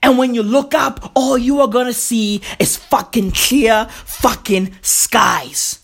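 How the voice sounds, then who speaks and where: A woman's voice: a little high, steady tone, slow pace, creaky, slightly rough. A woman delivering a profane comic rant, emphatic and repetitive, swearing heavily and calling the listener "bro".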